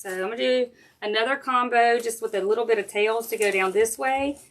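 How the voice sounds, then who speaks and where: A woman's voice: fairly high pitch, fairly quick. A middle-aged woman, chatting casually with viewers while she demonstrates a craft project on a livestream. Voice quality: chatty, folksy, talks straight to viewers while working. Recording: faint background noise and clicks.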